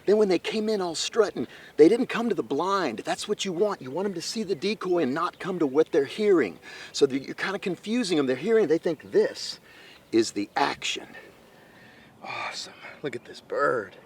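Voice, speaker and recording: A man hosting a hunting show, giving excited outdoor commentary in the field, at times dropping to a hushed voice. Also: a little high, fairly quick, breathy edge.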